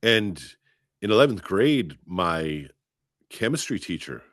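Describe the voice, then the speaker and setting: Deep-voiced man telling stories. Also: normal speed, dry recording, studio quality. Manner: storytelling, animated. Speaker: podcast co-host. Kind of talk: casual chat.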